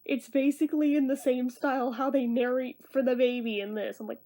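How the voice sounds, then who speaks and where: High-voiced tired woman in her thirties. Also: fairly even intonation, brisk. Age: 30s. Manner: rambling, talking quieter than normal. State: tired, half awake. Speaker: movie reviewer. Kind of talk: casual late-night video review.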